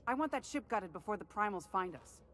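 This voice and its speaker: A woman's voice: medium pitch, expressive, fairly quick, a bit bright, a little hiss or hum, natural voice. An actress playing an impatient woman outlaw in a game, curt and threatening.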